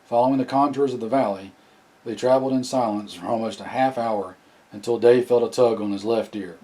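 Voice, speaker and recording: A man narrating an audiobook in a plain, steady reading with occasional restarts. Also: medium pitch, fairly quick, poor audio. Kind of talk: scripted narration.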